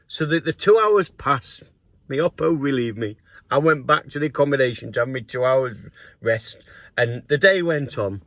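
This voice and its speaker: A middle-aged man from North East England, who owns a grass cutting business and vlogs, tells a personal story to camera in a mid-range voice at a moderate pace. He animates the anecdote by acting out the voices of the people in it, with laughs along the way. The recording is dry.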